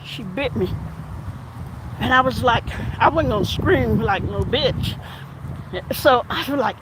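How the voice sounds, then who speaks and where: A woman police officer telling a story while walking outdoors, animated and acting out the back-and-forth. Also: a little high, measured pace, long pauses, background noise. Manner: animated, acts out quoted exchanges. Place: outdoors on an urban street.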